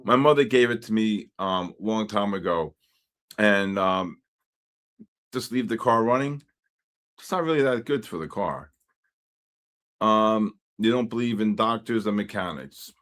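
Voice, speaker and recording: Speaking on the low side and a little slowly, with long pauses, a New York man hosts a live trading stream. Between market calls he rambles, cracks jokes, and spins animated stories, often turning aside to address chat.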